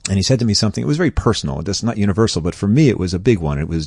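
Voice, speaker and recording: A man's voice: lowish voice, lively intonation, rapid-fire, a little mellow, breathy edge, no echo. A middle-aged man from New York, a guest talking earnestly and reflectively in a studio, laughing now and then. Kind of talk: reflective conversation.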